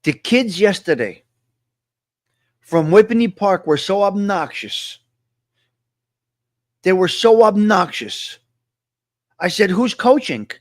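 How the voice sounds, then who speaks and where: A man's voice: high-pitched, expressive, slow pace, pauses often, no room sound, clean studio sound. A man hosting a casual live-stream chat, talking to viewers and repeating his points with emphasis. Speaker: host.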